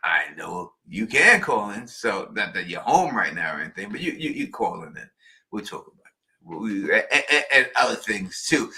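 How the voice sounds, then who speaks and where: Bright-voiced Queens New York man. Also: lowish voice, big pitch swings, normal speed. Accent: New York City, Queens. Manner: emphatic, stumbling restarts. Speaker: live stream co-host. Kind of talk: casual chat.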